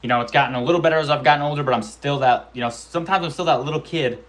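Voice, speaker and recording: Racing along in a slightly high voice, a twenty-something amateur MMA vlogger recounts his amateur fight in a loose, foul-mouthed way, performing the quotes and sound effects himself.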